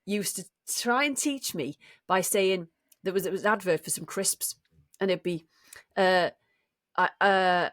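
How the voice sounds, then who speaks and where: A woman from England co-hosting a podcast in casual chat, rambling warmly with frequent restarts. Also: mid-range voice, unhurried, no room sound, clean studio sound. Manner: chatty, rambling with many fillers and restarts. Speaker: podcast co-host.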